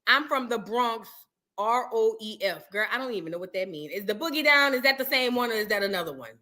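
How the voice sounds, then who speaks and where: A woman hosting a reaction show in casual chat, reading articles aloud and riffing with animated asides in a New York accent. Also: medium pitch, fast.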